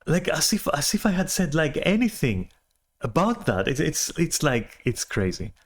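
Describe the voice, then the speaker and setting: A man's voice: fairly high pitch, sing-song, moderate pace. A man venting in a casual monologue, agitated and exasperated, swearing often and restarting his sentences. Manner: agitated, profane, exasperated rant with many restarts. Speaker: podcaster venting.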